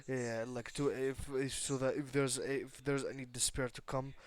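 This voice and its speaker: A man's voice: mid-range voice, level tone, close to an everyday voice. A man voicing an earnest young hero. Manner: halting, self-correcting speech. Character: earnest young male hero, modest and kind.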